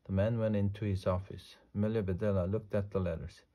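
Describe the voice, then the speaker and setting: A man reading a children's storybook aloud slowly and deliberately, with small slips. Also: lowish voice, steady tone, warm tone. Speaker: storybook reader. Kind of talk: read-aloud storybook narration.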